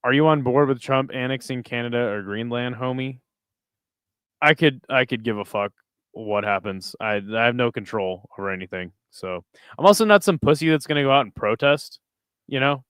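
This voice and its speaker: A man's voice: medium pitch, normal speed, fairly bright tone, smooth, dry recording. Crude, joking man on a dry mic. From United States. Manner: crude, joking, chatting with viewers between fight calls. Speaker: streamer hosting a fight watch party. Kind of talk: casual live-stream commentary.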